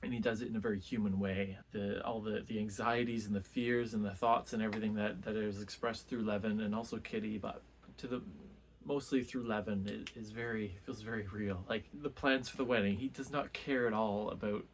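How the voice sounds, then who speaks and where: A man's voice: fairly low pitch, steady tone, fairly quick, a little hiss or hum. A man casually talking through a book he read, rambling with many restarts and fillers. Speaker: book reviewer.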